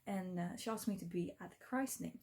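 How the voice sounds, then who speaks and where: A woman's voice: fairly low pitch, brisk, darkish tone, close to an everyday voice. A woman voicing a greedy, sly male cat who lies in an offhand, matter-of-fact way.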